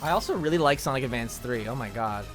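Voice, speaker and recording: A man's voice: medium pitch, lively intonation, quick pace. A man with a mid-range voice hosts a casual livestream chat. He keeps his turns easygoing and brief, asking questions and giving short replies. Faint game music plays in the background. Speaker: streamer and host.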